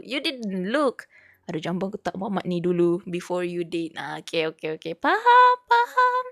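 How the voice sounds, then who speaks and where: A woman's voice: lowish voice, a little fast, no room sound, studio quality. A woman streaming as a VTuber, chatting casually and giggling as she studies. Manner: chatty, mixes languages, giggly asides. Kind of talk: casual study stream chat.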